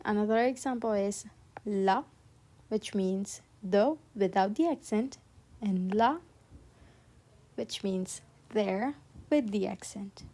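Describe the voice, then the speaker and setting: A woman's voice: mid-range voice, takes it slowly, mellow. A woman teaching a beginner French lesson, explaining patiently and often checking in with the viewer. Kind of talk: online language lesson.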